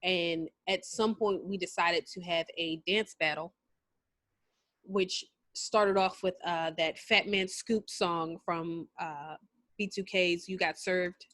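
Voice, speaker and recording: A woman co-hosts a casual podcast chat and tells her stories with big, animated energy. She breaks into shouts and laughter. Her voice is dry and close, with no room sound. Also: on the low side, slow, dry recording. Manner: loud, animated storytelling with bursts of shouting and laughter. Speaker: podcast co-host.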